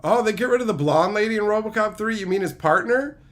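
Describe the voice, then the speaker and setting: High-voiced man ranting profanely on stream. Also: lively intonation, quick pace. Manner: answers viewer chat. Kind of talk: casual livestream chat.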